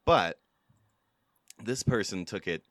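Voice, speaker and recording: A man with a bright, lively voice that jumps around in pitch. He chats on a comedy podcast and curses when things go wrong. The sound is dry and close to the mic. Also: takes it slowly, no room sound. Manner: animated, swears when frustrated. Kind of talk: casual comedic chat.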